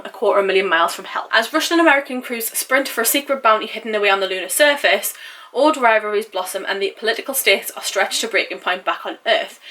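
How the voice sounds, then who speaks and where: A woman's voice: on the high side, bright, forceful tone. A young woman chatting casually and enthusiastically through a book haul, laughing and adding asides. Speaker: booktuber.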